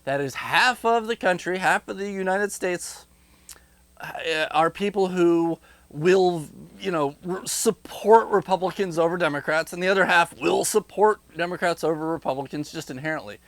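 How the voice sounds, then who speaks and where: A man giving a direct-to-camera political monologue, rhetorical and animated, slipping into mocking voices. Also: high-pitched, moderate pace, no echo. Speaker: political commentator.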